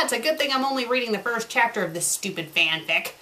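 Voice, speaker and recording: A woman's voice: on the high side, lively intonation, fairly quick, pushed and bright. A woman reviewing fan fiction, reading passages aloud and breaking in with sarcastic, exasperated commentary.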